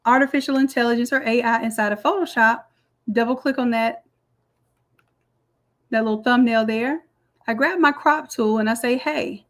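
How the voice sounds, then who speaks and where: A woman walking through a design software tutorial step by step in a chatty, explaining way. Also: a little high. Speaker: design instructor. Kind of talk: screen-recorded software tutorial.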